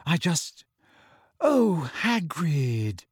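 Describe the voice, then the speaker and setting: A man voicing an anxious, clever teenage schoolgirl in an audiobook, speaking gently. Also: on the high side, big pitch swings, very slow, husky, dry recording, clean studio sound, pitched above the performer's own voice, heavily acted. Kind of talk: audiobook reading.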